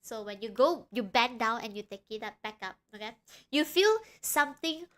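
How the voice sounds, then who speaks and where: Bright, giggly young woman streamer. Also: a little high, normal speed. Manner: excitable, rambling, giggly. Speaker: streamer reacting to a video. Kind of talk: casual live-stream chat.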